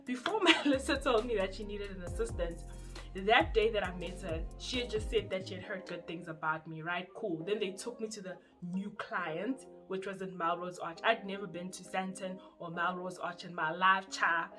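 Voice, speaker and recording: A young woman from South Africa with a South African accent, telling her story in a casual, animated vlog. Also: medium pitch, moderate pace. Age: young adult. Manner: chatty and animated, acts out quoted voices. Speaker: YouTuber. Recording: music playing underneath.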